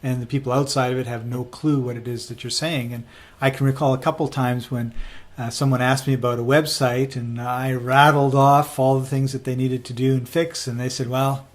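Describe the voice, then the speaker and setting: Man, casual chat, relaxed, rambling, easygoing. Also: mid-range voice, a little fast. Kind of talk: casual conversation.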